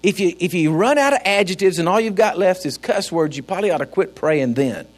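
A man's voice: sits high, expressive, a little fast. A man preaching a sermon as pastor, fiery and folksy, with joking asides. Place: church.

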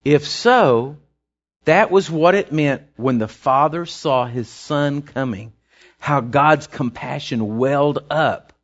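A man's voice: a little high, slow pace. A man preaching a sermon, telling a story in a folksy, rambling way. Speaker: pastor. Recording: dull lo-fi recording.

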